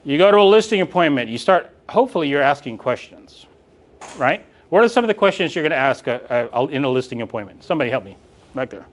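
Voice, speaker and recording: Animated high-voiced man coaching. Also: fast talker. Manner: animated, joking, calls on audience. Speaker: real estate coach. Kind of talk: live coaching session. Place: room with live audience.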